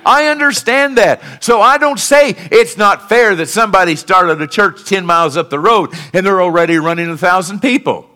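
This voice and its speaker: Fervent preaching man with a bright voice. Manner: rises to fervent emphatic peaks, then drops low and quiet; calls out to the congregation for responses. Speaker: pastor. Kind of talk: sermon.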